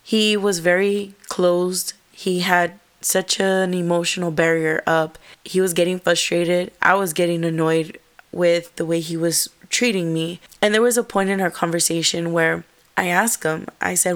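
A young woman recounts a personal story in an earnest, halting way. Her voice sits low and stays fairly flat in pitch. She stops and restarts often as she goes.

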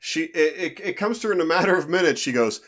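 A man's voice: a little high, expressive, fast, fairly bright tone. A man retelling a movie plot with dry, incredulous humor. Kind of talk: comedic movie recap.

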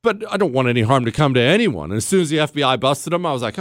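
A man's voice: medium pitch, big pitch swings, no echo, studio quality. A man in his forties hosting a talk radio show, brash and sarcastic, swinging his voice up and down as he mocks callers and riffs. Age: 40s. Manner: sarcastic, brash, fast-shifting, mock-acts callers.

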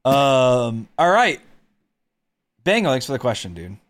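A man's voice: mid-range voice, very animated, unhurried, no room sound. A man co-hosting a podcast in casual chat, crude and joking. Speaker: podcast co-host.

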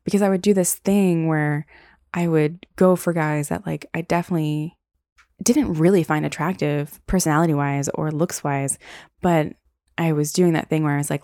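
A woman's voice: low voice, fairly even intonation, normal speed, darkish tone, no room sound, studio quality. A young woman hosting a solo podcast, telling stories casually with lots of "like" and "um". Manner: casual, rambling, frequent "like" and "um". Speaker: podcast host.

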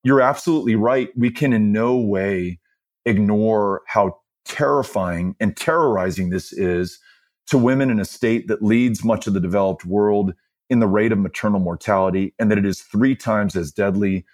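A man's voice: lowish voice, moderate pace, a little mellow. A middle-aged man speaking as a guest in a podcast conversation, an earnest storyteller who laughs easily. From Texas. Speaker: guest, political candidate.

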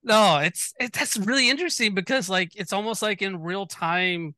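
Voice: medium pitch, normal speed, sharp tone, no room sound. A host talking earnestly in casual conversation, with many "like" fillers. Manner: earnest, frequent "like".

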